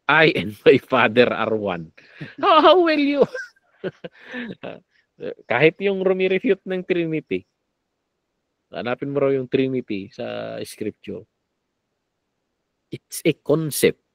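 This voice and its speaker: A man with a Filipino accent teaching a Bible lesson, switching between Tagalog and English, animated, with sarcastic asides. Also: medium pitch, slow pace, vocal fry, pauses often, no room sound, muffled recording. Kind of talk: Taglish Bible lecture.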